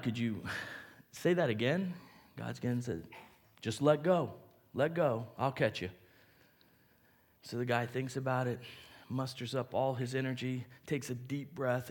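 A middle-aged man preaches from a church platform. He tells a story and slips into its voices with lively energy, at a medium pitch. It sounds like a pastor easing into a sermon. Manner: animated, acts out voices in a story. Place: church sanctuary.

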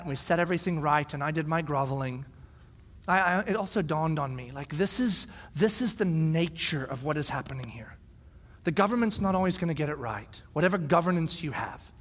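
High-voiced man preaching in an echoing hall. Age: 40s. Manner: animated storytelling, acts out shouted quotes. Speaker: pastor. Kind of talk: sermon. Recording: long hall reverb.

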